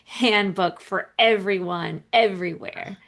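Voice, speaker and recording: A woman's voice: mid-range voice, measured pace, a bit bright. A woman hosting a podcast, speaking in a casual interview and laughing along with her guest. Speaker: podcast host.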